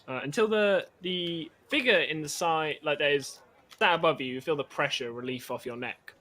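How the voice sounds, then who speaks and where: A man runs a tabletop game as its game master, narrating in a loose, rambling way full of fillers. His voice is bright and slightly higher than most men's. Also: moderate pace.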